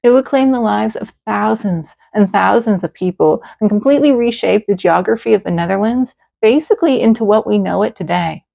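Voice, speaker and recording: A woman hosting and narrating a calm bedtime story in a gentle, soothing way, over dull audio with faint music. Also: medium pitch, brisk, creaky, few pauses. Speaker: host and narrator.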